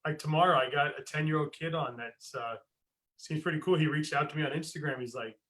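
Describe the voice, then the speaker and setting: A man's voice: a little high, fast. A man from the United States hosting a wrestling podcast, telling stories casually, swearing and laughing as he acts out what people said. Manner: animated storyteller, swears, laughs, acts out voices in anecdotes. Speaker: podcast host. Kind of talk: casual chat.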